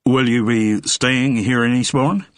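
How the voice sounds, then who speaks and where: A man reads an audiobook in a clean, echo-free studio recording, voicing a wary but affably humble American TV star. His mid-range voice is measured and fairly even, pitched a little above his natural voice yet close to everyday speech, with a cautious, guarded mood.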